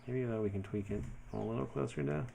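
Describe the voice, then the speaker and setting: A man talking casually through his design work as he goes, thinking aloud in a relaxed way with many fillers. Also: medium pitch, quick pace, vocal fry, a little hiss or hum. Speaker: web developer building his portfolio. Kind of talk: casual screen-share commentary.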